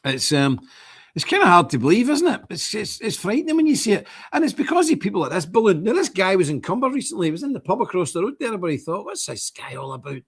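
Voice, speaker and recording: A middle-aged man with a husky, somewhat high voice. He rants with swooping, animated pitch, scornful and impassioned, as a live stream host. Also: fast talker. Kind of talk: impassioned commentary.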